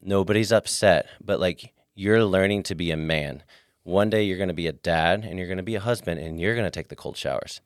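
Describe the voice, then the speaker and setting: A man's voice: low-pitched, fairly quick, dry recording, clean studio sound. A man telling a family story in a casual faith-based talk, acting out the quotes as he goes.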